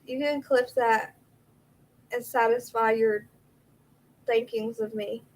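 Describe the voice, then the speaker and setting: A woman's voice: fairly high pitch, fairly even intonation, takes it slowly, poor audio. A woman, hosting a casual livestream, chatty and reacting aloud to viewer comments, a little out of breath. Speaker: livestream host.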